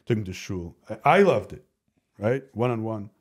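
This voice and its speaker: A man speaking as a podcast guest, telling candid personal stories in an animated, rambling way, often restarting his sentences. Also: on the low side, normal speed, breathy edge. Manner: animated, rambling, self-interrupting. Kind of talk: candid conversational storytelling.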